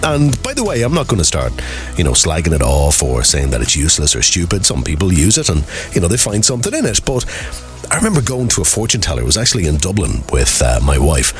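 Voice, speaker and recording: A man's voice: low voice, wildly swooping pitch, fast, soft background music. A man hosting a radio show, telling a story in a wry, cynical way. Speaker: radio host. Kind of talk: casual radio chat.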